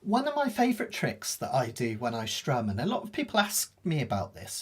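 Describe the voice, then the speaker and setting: A man teaching a live ukulele lesson, explaining fast in a chatty, self-deprecating way. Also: a little high, breathy edge. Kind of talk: live online music lesson. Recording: ukulele playing behind the voice.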